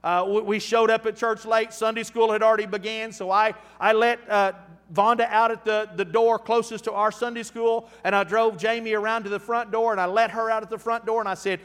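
A man in his fifties preaching a storytelling sermon, folksy and animated, with frequent restarts. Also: high-pitched, a little fast, in a large hall. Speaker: pastor.

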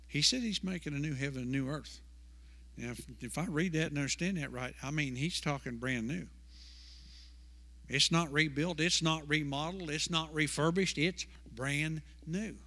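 Emphatic and given to repetition and rhetorical questions, a male pastor preaches in a church sanctuary. His voice is on the high side and a bit bright, carried by a long hall reverb.

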